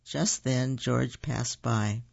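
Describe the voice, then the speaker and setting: A man's voice: mid-range voice, steady tone, very slow, vocal fry, darkish tone, no room sound, muffled recording. A man reading children's stories and folk tales aloud, in an unpolished way, stopping to correct his own slips. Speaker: storyteller.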